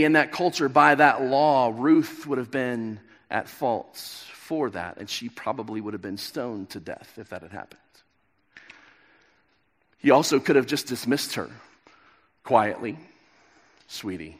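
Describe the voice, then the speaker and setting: A man in his thirties giving a sermon, retelling a story and acting out the characters' lines. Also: mid-range voice. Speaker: pastor. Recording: long reverb of a large hall.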